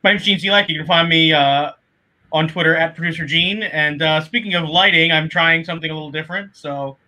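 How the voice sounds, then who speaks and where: A man producing a podcast from a home studio, talking casually and halting over his words. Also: a little high, sharp tone.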